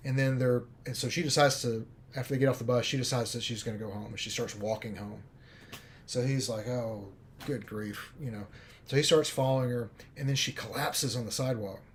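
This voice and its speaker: A man at a mid pitch chats casually on a livestream, retelling a story. His talk rambles with lots of "um" and "like", and he gets animated as the story goes. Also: a little hiss or hum. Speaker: film director.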